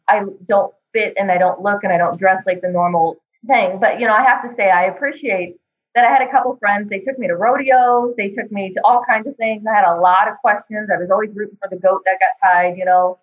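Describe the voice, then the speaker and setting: Animated woman on a tinny phone line. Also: fast. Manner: animated, acts out quoted voices with pitch jumps. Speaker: podcast guest, police department administrative assistant. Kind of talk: casual storytelling in an interview.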